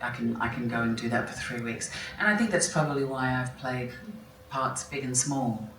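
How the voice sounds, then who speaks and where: A woman's voice: rumbling low, moderate pace, fairly bright tone, a little hiss or hum. A woman, an actress, answering interview questions onstage in a reflective way, often restarting and correcting herself mid-sentence. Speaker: film actress, guest at an onstage conversation. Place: large hall at a festival talk. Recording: roomy, distant mic, faint ambience.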